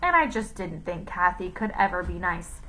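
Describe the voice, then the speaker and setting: A woman's voice: fairly low pitch, big pitch swings, moderate pace, pushed and bright, a little hiss or hum, rough recording. A woman voicing a brash, cheerful lunch lady who talks in a sassy, matter-of-fact way.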